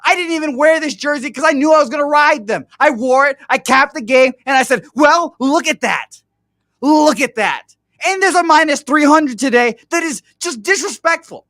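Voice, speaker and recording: A man rants and swears his way through a casual sports betting chat. His voice is bright and cutting, and it sits dry and close to the mic. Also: very high voice, no room sound. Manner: angry profane rant. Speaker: host.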